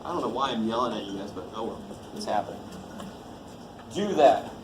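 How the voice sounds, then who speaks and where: A man's voice: on the low side, lively intonation, fairly quick. A man teaching a college math class in a casual, jokey way, swearing lightly and quizzing the students as he goes. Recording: echoey classroom with faint noise.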